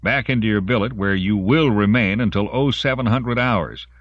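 A man's voice: low voice, animated, brisk, no echo, dull audio. A man voicing a commanding army sergeant who speaks in a clipped, authoritative way. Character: commanding male army sergeant, curt and hard.

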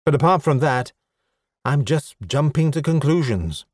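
A man's voice: a little high, animated, a little slow, no echo, clean studio sound, voice pushed up. Man doing a polite, bewildered amnesiac. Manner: apologetic, mild, matter-of-fact.

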